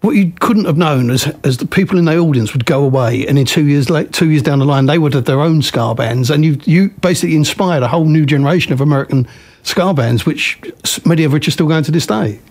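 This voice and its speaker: Quick-talking male interviewer, higher voice. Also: darkish tone. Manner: reminiscing, halting restarts. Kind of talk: conversational interview.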